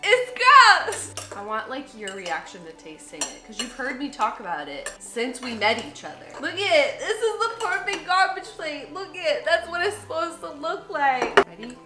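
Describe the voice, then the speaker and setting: A woman's voice: high-pitched, expressive, normal speed, hardly any pauses, music in the background. A young woman hosting a casual cooking vlog at home, effusive and swearing freely. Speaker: channel host. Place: home kitchen. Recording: echoey kitchen room.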